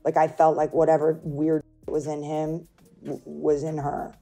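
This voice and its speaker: A woman's voice: low voice, unhurried, creaky, soft background music. A woman being interviewed, telling a personal story casually and acting out what other people said. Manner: animated retelling, acting out others' lines. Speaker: interview guest.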